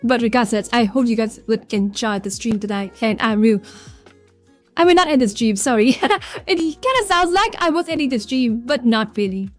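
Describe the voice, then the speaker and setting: This woman, who has a Vietnamese accent, talks expressively at a normal speed in a fairly high voice. She rambles casually through her livestream, welcoming chat viewers by name while soft music plays in the background.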